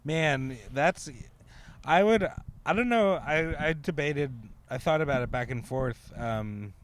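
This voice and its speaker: A man's voice: a little high, slow. A man co-hosting a podcast, telling a story in a rambling, laughing way with lots of fillers. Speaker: podcast co-host. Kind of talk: casual storytelling chat.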